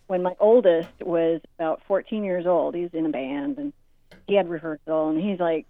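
A woman's voice: lowish voice, moderate pace, dry recording, phone-quality sound. A woman in her forties, a guest author, telling a parenting story in an interview and acting out the people she quotes. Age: 40s. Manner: animated storyteller, acts out quotes.

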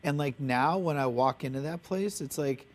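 Male baker guest, fairly high-pitched, eager and filler-heavy. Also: moderate pace. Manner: eager, filler-heavy, lots of "like" and "you know". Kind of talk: casual interview chat.

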